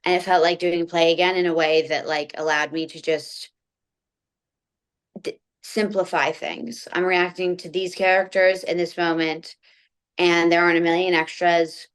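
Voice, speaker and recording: A young woman with a somewhat low voice answers interview questions about her acting work. She is thoughtful and expansive, circling back with small fillers as she works out her points. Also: level tone, moderate pace, clear, resonant tone. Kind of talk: conversational interview.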